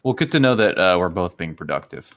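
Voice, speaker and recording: A man co-hosting a casual podcast chat, telling relaxed stories and acting out game dialogue. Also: low-pitched, fast talker, heavy background noise. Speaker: podcast co-host.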